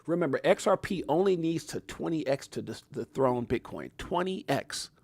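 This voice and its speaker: A man hosting a livestream, talking excitedly to his chat and repeating himself. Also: a little high, normal speed, vocal fry, slightly rough. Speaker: livestream host.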